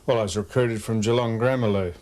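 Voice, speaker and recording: An Australian man who used to play football answers interview questions with dry, wisecracking humor. His voice sits fairly low. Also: fairly even intonation, quick pace, darkish tone. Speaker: interview guest, former footballer. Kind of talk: casual interview.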